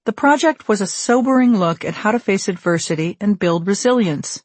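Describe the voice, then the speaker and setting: A woman narrating a memoir audiobook in a measured, wry storytelling manner, recorded on a studio microphone. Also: medium pitch, lively intonation, a little mellow, no room sound.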